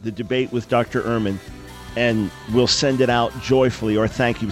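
A man's voice: mid-range voice, fairly even intonation, moderate pace, faint music behind. An older man hosting a radio talk show, speaking emphatically and animatedly, often repeating words as he starts a thought. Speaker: radio host. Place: radio studio.

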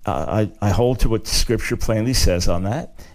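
A man's voice: lowish voice, normal speed. Emphatic male radio host. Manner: emphatic, preacher-like, repeats key phrases; frequent stammered restarts. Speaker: radio talk show host. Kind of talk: talk radio commentary and answering listener email.

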